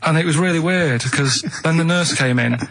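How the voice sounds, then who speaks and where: A man with a Mancunian accent telling a rambling story in a plain, deadpan way, speaking on a radio show in a studio. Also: on the high side, moderate pace. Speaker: radio regular. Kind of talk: casual storytelling chat.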